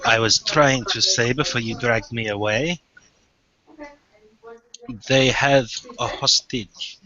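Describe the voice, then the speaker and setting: A man speaking as a player in a tabletop role-play, answering in character with halting starts. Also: mid-range voice, fairly even intonation, pushed and bright. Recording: dull lo-fi audio with faint noise.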